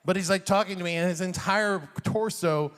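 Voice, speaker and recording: Brief: male stand-up comic in his forties from Iran, lively and high-pitched, long hall reverb. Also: normal speed. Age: 40s. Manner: animated, chuckles at own jokes. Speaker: comedian. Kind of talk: stand-up comedy.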